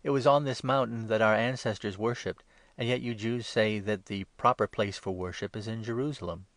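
A Samaritan woman at a well asks earnest, searching questions, as a man reads her part. The voice stays low and gravelly, with little change from his own. The sound is dry and close. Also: steady tone, fairly quick, fairly bright tone, dry recording. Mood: questioning. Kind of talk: scripted Bible reading.

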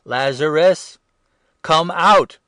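A man voicing Jesus as a calm, grave teacher, speaking in a measured, solemn way. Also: fairly low pitch, no room sound, close to an everyday voice. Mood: commanding shout.

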